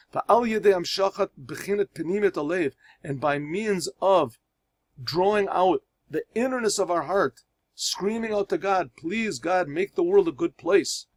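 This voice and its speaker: Rabbi translating Hebrew line by line. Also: male voice, high-pitched. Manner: reads Hebrew phrases and translates each into English; storytelling with restarts and pauses. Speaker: rabbi teaching a class. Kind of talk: religious lesson.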